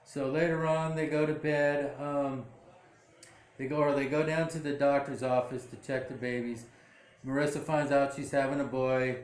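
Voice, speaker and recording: A man's voice: medium pitch, little pitch movement, normal speed. A man casually recapping a drama episode, rambling with lots of fillers and self-corrections. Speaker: show recap vlogger. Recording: echoey room.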